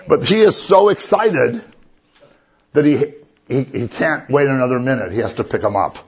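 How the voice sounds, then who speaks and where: A man's voice: mid-range voice, lively intonation, brisk, creaky, slightly rough. A man preaching a sermon as a pastor, conversational and joking as he retells the story. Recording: dull lo-fi recording.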